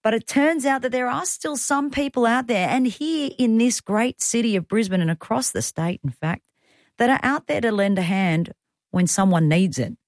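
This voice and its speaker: A woman's voice: on the high side, expressive, normal speed, no echo, studio quality. A woman in her thirties with an Australian accent, hosting talkback radio in a chatty way with self-deprecating asides. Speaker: radio host.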